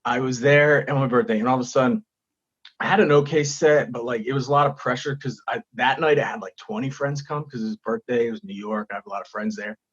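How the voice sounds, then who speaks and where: A man's voice: medium pitch, fast talker, breathy edge, lo-fi sound. A man, a stand-up comedian, chatting casually on a podcast and telling stories with acted-out quotes. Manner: animated storytelling, acts out quotes.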